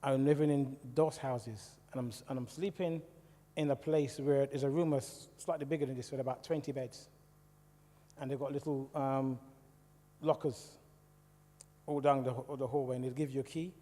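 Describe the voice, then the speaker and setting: A middle-aged man with a British English accent giving a personal testimony talk in a church, telling his story in a lively way and asking the audience questions. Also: medium pitch, normal speed. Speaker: church speaker. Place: church hall. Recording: echoey church hall reverb.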